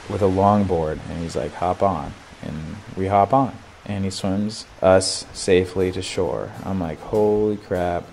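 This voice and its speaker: A young man in his twenties telling a personal story, animated and slangy, full of "like" and "dude". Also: sits low, vocal fry. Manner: animated, slangy, lots of filler "like". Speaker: vlogger. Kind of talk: casual storytelling.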